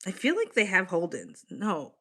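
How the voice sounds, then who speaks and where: A woman hosting a casual livestream, chatting to her viewers in an excitable way and swearing freely. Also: on the low side, normal speed, husky. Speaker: livestream host.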